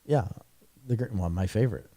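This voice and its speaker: Goofy, mellow-voiced male podcast co-host. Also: lowish voice, a little fast. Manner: goofy, teasing, laughs often. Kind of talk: casual chat.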